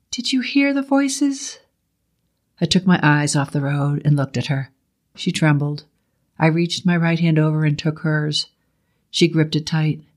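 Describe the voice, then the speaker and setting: A man narrating a first-person horror story in a steady, measured way. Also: on the high side.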